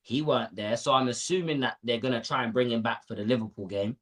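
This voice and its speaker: A man's voice: mid-range voice, fast, a bit bright. A young man, ranting animatedly in casual football chat on a panel show.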